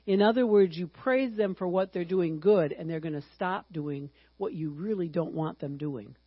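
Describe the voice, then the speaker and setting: A woman in her sixties teaching a Bible lesson in a chatty, humorous way, sometimes breaking into excited exclamations. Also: on the low side, moderate pace, breathy edge, dry recording, lo-fi sound. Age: 60s.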